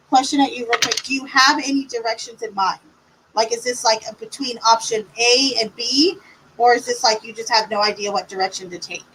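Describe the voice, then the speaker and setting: A woman's voice: a little high, fairly bright tone, a little hiss or hum, low-quality recording. A middle-aged woman giving live tarot readings on a stream, chatty and reassuring as she talks to viewers. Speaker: tarot reader.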